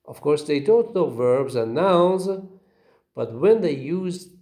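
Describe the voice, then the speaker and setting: Male teacher, slow delivery, lively intonation, mellow tone. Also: fairly high pitch. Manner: slow, repeats words and asks "okay?". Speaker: English phonetics teacher. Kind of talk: recorded lecture.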